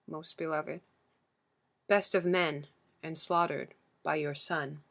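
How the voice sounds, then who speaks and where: A woman's voice: deep voice, steady tone, takes it slowly, gravelly, fairly bright tone, heavily acted. A woman reading the part of a young, grief-stricken warrior prince who answers curtly and stiffly. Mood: grieving. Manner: curt, stiff replies. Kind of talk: audiobook character reading.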